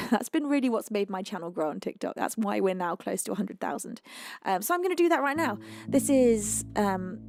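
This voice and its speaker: A British woman hosting her own music livestream, chatting casually and excitedly to viewers with many fillers and restarts. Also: mid-range voice. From United Kingdom. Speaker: singer and livestream host.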